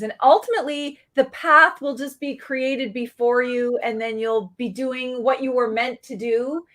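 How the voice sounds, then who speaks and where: A middle-aged woman from Canada, speaking as a guest in a relaxed conversation. Her voice sits high, and she talks in an earnest, encouraging way, sharing personal stories. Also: a little slow, hardly any pauses. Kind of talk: casual interview chat.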